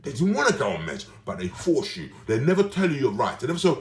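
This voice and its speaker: A man's voice: medium pitch, wildly swooping pitch, fast talker, hardly any pauses. A man, ranting in a rambling, agitated way and swearing, indoors in his room. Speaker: vlogger. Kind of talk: rambling casual monologue. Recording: roomy echo.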